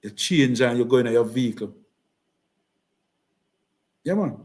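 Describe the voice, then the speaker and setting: A man's voice: mid-range voice, animated, measured pace, darkish tone. Jamaican guy fired up at a political rally, repeats himself a lot, patois creeping in. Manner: impassioned, repetitive, switches into patois. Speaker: political speaker. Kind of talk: campaign speech.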